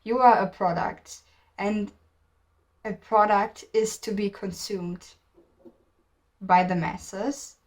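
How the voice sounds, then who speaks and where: A woman's voice: medium pitch, steady tone, slow pace, pauses often. A woman from Germany talking casually to camera in a vlog, rambling, often restarting sentences and stopping to search for words. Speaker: video creator.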